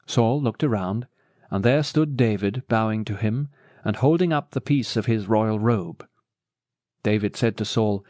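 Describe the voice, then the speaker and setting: A man narrating a Bible story in a steady, measured reading. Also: mid-range voice, no echo, clean studio sound.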